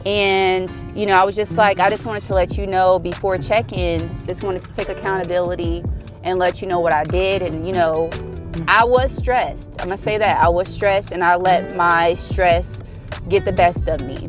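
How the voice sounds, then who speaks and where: A woman's voice: lowish voice, steady tone, moderate pace, over music. Chatty young woman vlogging. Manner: chatty, says "y'all" and "like" often, heartfelt and faith-driven. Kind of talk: casual confessional vlog talk.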